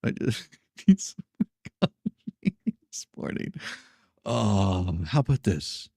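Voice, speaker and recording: A man's voice: fairly low pitch, very animated, slow, gravelly, mellow, breathy edge, no room sound, studio quality. A man hosting a casual news commentary show, laughing often and teasing the stories he reacts to. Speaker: host.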